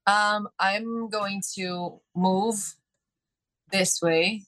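A woman's voice: medium pitch, steady tone, extremely slow, a bit bright, poor audio. A woman playing a tabletop game, talking in a hesitant, unsure way. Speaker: player.

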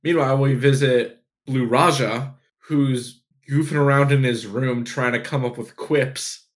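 Relaxed man recapping with a chuckle. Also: mid-range voice, measured pace. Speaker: podcast co-host. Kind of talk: casual chat.

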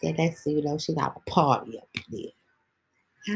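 A woman on a podcast ranting with heated indignation and firing off rhetorical questions. Her voice sits fairly low, with a gravelly fry and a husky, breathy grain. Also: moderate pace, darkish tone, rough recording. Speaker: podcast host. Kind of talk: casual ranting monologue.

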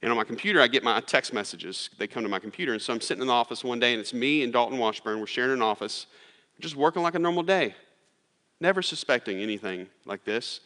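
A man's voice: mid-range voice, expressive, fast talker, bright, forceful tone. A man, preaching a sermon in a casual, storytelling way with plenty of "like" and restarts. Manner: casual, storytelling with lots of fillers. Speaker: pastor. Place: church sanctuary. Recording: long hall reverb.

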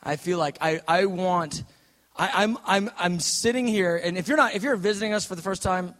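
A middle-aged man preaching a sermon, moving from an earnest prayer into a lively personal story, intense and direct. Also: high-pitched, normal speed. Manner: intense, earnest, quotes others in put-on voices.

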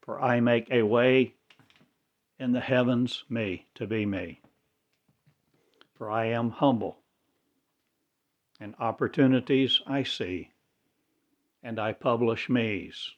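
A man's voice: on the low side, slow pace, pauses often, dull audio. A man delivering a rambling religious monologue in cryptic, incantatory, broken phrases. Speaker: self-styled religious speaker.

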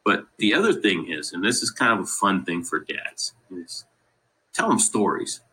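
Deep husky-voiced man telling family stories. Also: sing-song, normal speed, bright, forceful tone, poor audio. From Colorado, USA. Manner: rambling, leans on "you know" constantly; laughs through funny family stories. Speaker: podcast guest. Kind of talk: casual interview storytelling.

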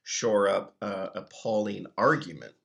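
A man co-hosting a casual Bible-study chat, asking questions in a halting way, searching for words. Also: lowish voice, gravelly, fairly bright tone. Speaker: podcast co-host asking about weekly readings.

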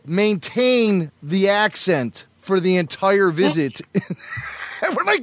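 Animated man chatting on a podcast. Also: high-pitched, takes it slowly. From Chicago area, US. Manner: jokey, animated storyteller. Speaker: podcast co-host. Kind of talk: casual chat.

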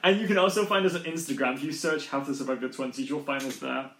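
A man's voice: medium pitch, fairly even intonation, quick pace, a bit bright, a little hiss or hum. A young man in his twenties co-hosting a podcast, chatty and jokey. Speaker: podcast co-host. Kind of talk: casual podcast chat. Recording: echoey room.

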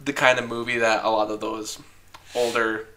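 A man with a bright, forceful voice in casual chat, hosting a show. He talks in an opinionated, rambling way, with frequent fillers and quick laughs. His pitch sits in the middle range. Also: level tone, a little hiss or hum. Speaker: podcast host discussing film awards.

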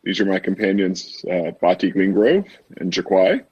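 A man playing a tabletop game, speaking in character with halting, stammering speech. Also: low voice, sing-song, darkish tone, breathy edge, muffled recording. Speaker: player. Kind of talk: in-character role-play.

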